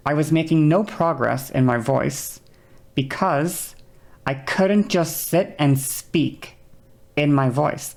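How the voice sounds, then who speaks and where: A woman's voice: sits low, darkish tone. A young woman streamer chatting candidly and reflectively about her voice, often repeating herself. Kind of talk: casual livestream chat.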